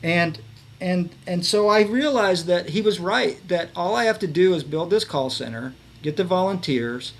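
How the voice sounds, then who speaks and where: A man's voice: sits high, animated, moderate pace. A man in his fifties, a guest telling stories in a rambling casual way, full of fillers and restarts. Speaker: podcast guest, veterans advocate. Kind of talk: casual conversational storytelling.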